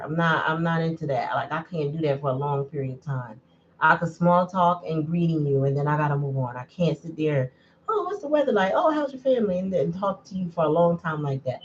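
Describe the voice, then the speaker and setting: A woman's voice: low-pitched, moderate pace, highs cut off, slight background noise. Chatty, blunt woman reading tarot. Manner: chatty, blunt, straight-talking. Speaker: tarot reader. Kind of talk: casual livestream tarot reading.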